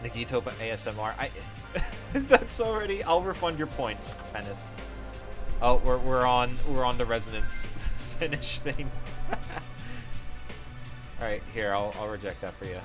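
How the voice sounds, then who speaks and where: A man's voice: mid-range voice, unhurried, long pauses. A man live-streaming a game, chatting casually, reading out viewer messages, often laughing and exclaiming. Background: game music.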